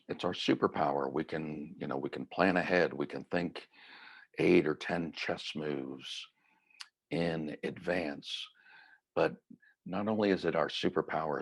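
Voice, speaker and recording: A middle-aged man giving a reflective, gently conversational mindfulness talk. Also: a bass voice, creaky, breathy edge. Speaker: mindfulness teacher.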